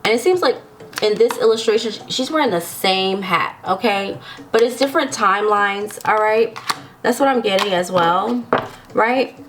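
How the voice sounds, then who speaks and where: A woman's voice: medium pitch, normal speed, fairly bright tone, a little hiss or hum. A woman giving a casual tarot reading to viewers, chatty and giggly, often checking in with the listener. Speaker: tarot reader.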